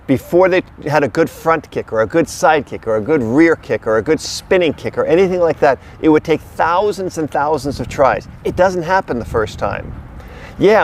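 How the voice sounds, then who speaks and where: A middle-aged man with a voice pitched a little high for a man coaches on dog training, stressing and repeating each point. He speaks to a camera someone else holds outdoors. A faint hum of traffic sits behind him. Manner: emphatic, repetitive coaching delivery. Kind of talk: casual instructional talk to camera. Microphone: camera held by another person.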